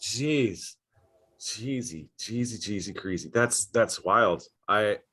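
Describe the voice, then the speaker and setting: A man's voice: lowish voice, animated, slow, a bit bright, husky. A man hosting a podcast interview who chats casually, swears freely and laughs often. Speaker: podcast host. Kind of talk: casual chat.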